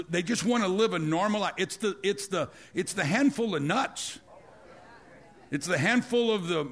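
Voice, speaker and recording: High-voiced, animated preacher man. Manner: animated, acts out scenes. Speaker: pastor. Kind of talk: storytelling sermon.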